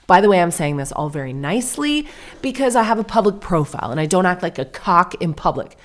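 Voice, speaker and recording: A woman's voice: on the low side, sing-song, fast. A woman podcast host in her thirties, chatty and self-deprecating, telling a long story and acting out the dialogue. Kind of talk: casual storytelling monologue.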